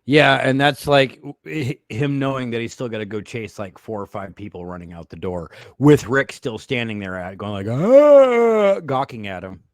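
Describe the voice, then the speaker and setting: A man co-hosting a podcast, talking excitedly and profanely about a horror film with a friend. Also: lowish voice, moderate pace, few pauses, dry recording, clean studio sound. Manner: excitable, swears, bursts into shouts. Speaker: podcast co-host. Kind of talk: casual movie review chat.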